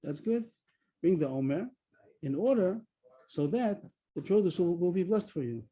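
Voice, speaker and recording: A man leads a Talmud class over a video call. His voice is very dark and mellow with a husky edge, and he sits a little high in pitch. He explains the text step by step and stresses key words. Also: animated, moderate pace, rough recording. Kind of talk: online Talmud lesson. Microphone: video call mic.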